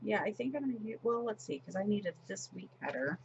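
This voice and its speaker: A woman's voice: mid-range voice, animated, fast, vocal fry, darkish tone, lo-fi sound, slight background noise. A woman in her forties chatting casually as she decorates her planner, retelling a story with lots of fillers and restarts. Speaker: planner vlogger.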